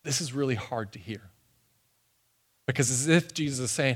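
A man preaching a sermon, swinging between excited, loud stretches and hushed, soft ones. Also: medium pitch, normal speed, long pauses, breathy edge. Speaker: pastor.

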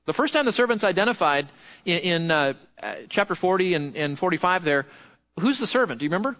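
Bright, high-voiced male preacher. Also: fast, highs cut off. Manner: lively, conversational, asks the congregation questions. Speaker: pastor. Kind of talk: sermon.

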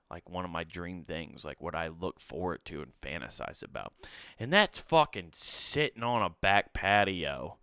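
A man hosts a casual podcast, rambling enthusiastically and swearing freely. His voice sits fairly low, yet it comes across bright and clean. A dry, close mic catches every word. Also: smooth, no room sound. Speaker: podcast host. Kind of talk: casual chat.

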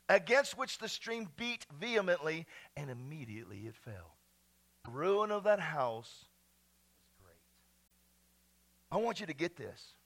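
A man preaching a sermon to his church, swinging from hushed, whispered lines to loud, shouted passages. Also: high-pitched. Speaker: pastor. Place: church sanctuary.

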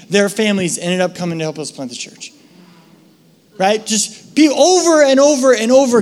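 A middle-aged male pastor giving a sermon in a casual, storytelling way, full of quick asides. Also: sits high.

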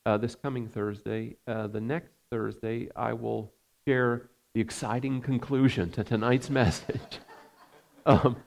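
Male pastor, sermon, mid-pitched gravelly voice, earnest and unhurried. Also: little pitch movement, a little mellow. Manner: earnest, measured preaching with frequent fillers.

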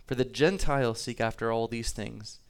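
A man's voice: medium pitch, normal speed, smooth. A man preaching a sermon to his congregation, talking easily, reading scripture aloud and repeating himself now and then. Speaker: pastor.

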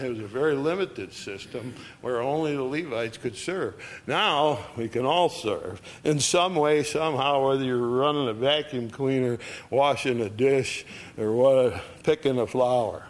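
An older man preaching a sermon in a conversational way. He often checks in with his listeners and gets louder and higher when he reads scripture. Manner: conversational, reads scripture with raised pitch and volume; asks the audience "all right?".

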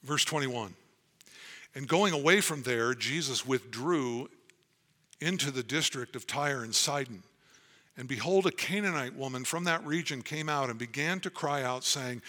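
A man's voice: medium pitch, normal speed, pushed and bright. A man preaching a sermon as pastor, earnest and emphatic as he reads and explains scripture.

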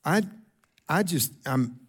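A middle-aged man, preaching a sermon in a conversational style. He repeats words, makes quick asides to the congregation, and gets louder and higher to stress a point. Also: lively intonation, breathy edge. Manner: rises in pitch and volume for emphasis. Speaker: pastor.

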